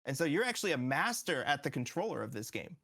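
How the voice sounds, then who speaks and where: A man's voice: fairly high pitch, sing-song, fast, vocal fry, pushed and bright. A man appearing as a game developer guest in a casual studio interview, eagerly explaining and acting out what players say.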